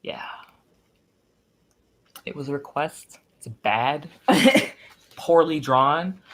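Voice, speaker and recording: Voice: mid-range voice, lively intonation, extremely slow, a bit bright. A young adult livestreamer chatting casually, rambling, swearing freely and getting giggly and flustered when reacting to old drawings.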